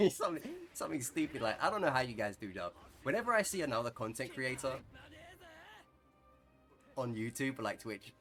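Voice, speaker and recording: A man talks over his gameplay with loose, joking chatter and frequent laughs. His voice sits at an ordinary pitch for a man. Game music plays clearly underneath him. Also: a bit bright. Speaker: gaming content creator. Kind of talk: live gameplay commentary.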